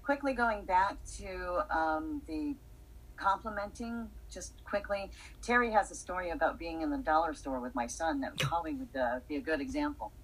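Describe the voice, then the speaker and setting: A woman's voice: sits low, moderate pace, low-quality recording. A woman talking earnestly and reflectively in a casual conversation.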